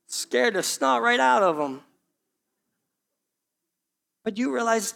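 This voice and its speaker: High-voiced pastor preaching. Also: male voice, animated, unhurried, creaky, pauses often. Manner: swings between hushed and loud, addresses the congregation as church. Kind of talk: sermon.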